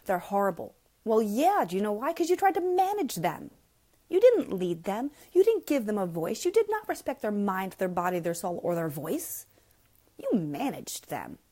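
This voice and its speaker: Middle-aged woman doing a live parenting q&a, blunt and in your face, voice jumps way up when she makes a point. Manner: blunt, emphatic and frank; animated, with sudden jumps up in pitch. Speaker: parenting coach host. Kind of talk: live Q&A chat reading viewer comments.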